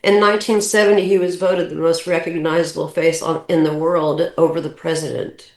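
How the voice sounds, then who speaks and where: A woman's voice: low-pitched, fairly quick. A woman in her sixties, a podcast guest, telling family stories in a casual, rambling way with many restarts. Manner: animated, rambling anecdotes with restarts. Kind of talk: casual storytelling. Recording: roomy echo.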